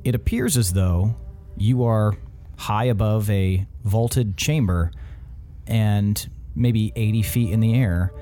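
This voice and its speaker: A man narrating a tabletop game as game master, relaxed and chuckling often. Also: on the low side, slow, faint music behind.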